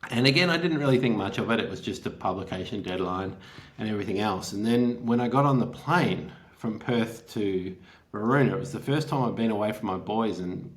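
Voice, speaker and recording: A man's voice: on the low side, animated, fairly quick. A man, a writer, telling an anecdote as a guest, laughing often and acting out the quotes. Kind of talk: anecdotal storytelling in an interview.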